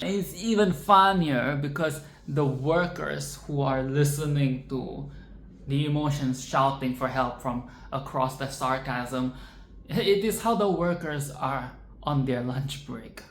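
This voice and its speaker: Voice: medium pitch, takes it slowly. A film reviewer giving casual reaction commentary, rambling and playful, swearing and tossing in sarcastic asides. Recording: roomy echo with faint background noise.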